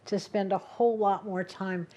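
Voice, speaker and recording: Older woman, interview host, medium pitch, effusive. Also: steady tone, normal speed, mellow. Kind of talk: interview hosting.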